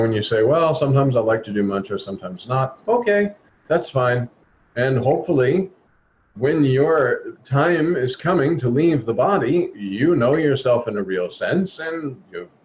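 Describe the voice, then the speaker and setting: A man leading a spiritual talk over a video call, speaking earnestly and exhorting his listeners. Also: medium pitch. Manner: earnest, exhorting, acts out quoted voices. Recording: dull lo-fi video call audio with faint noise.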